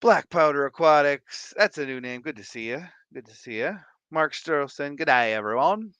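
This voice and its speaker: A man hosting a casual livestream from home, reading viewer comments with animated, playful, jokey asides. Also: a little high, normal speed, smooth, dry recording, highs cut off. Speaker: livestream host.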